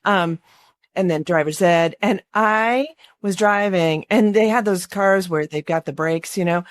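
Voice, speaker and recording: A middle-aged woman from Georgia, co-hosting a casual comedy chat and telling stories, acting out the people she quotes in a high voice. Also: unhurried, no room sound. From Georgia, USA. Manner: animated storyteller, acts out quotes in a high voice. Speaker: podcast co-host.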